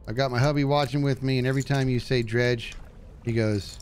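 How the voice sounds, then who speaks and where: Talking briskly over slight background noise, this man chats his way through a fishing game live, reading messages from chat. Whenever something goes wrong, his animated patter leaps into high, panicked yelps.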